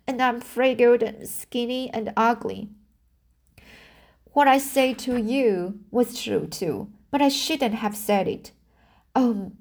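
A woman's voice: on the high side, a little mellow. A woman voicing a dramatic, talkative young orphan girl pleading for forgiveness in a storybook.

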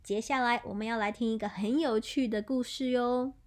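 A woman teacher, telling a story to children in a playful, animated way with animal sounds. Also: fairly high pitch, a little fast. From Taiwan. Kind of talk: bilingual storytelling lesson for children.

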